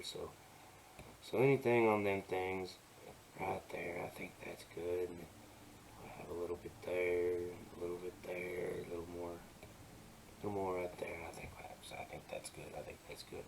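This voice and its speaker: A man teaching digital painting in an easygoing, soft-spoken way, talking himself through each step in a put-on folksy drawl. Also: deep voice, a little hiss or hum. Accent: put-on folksy drawl while working. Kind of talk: relaxed screen-recorded painting tutorial.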